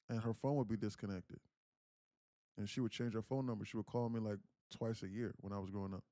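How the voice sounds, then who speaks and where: A day trading livestream host in his thirties earnestly recounts a personal family story, speaking candidly and often repeating his phrases. His voice is fairly low and dark, with fairly even intonation and a quick pace. The studio-quality recording has no room sound.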